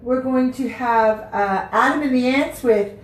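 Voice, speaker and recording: A woman's voice: a little high, measured pace, far from the mic. A woman hosting a radio show, chatty and rambling, often losing her train of thought. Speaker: radio host. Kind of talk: casual radio chat. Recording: roomy, off-mic.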